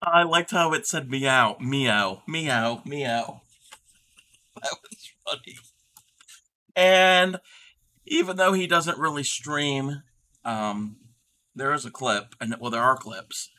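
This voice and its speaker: A man's voice: a little high, takes it slowly, pushed and bright. A man hosting a crafting livestream in casual, rambling chat, reading and answering his chat aloud. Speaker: livestream host.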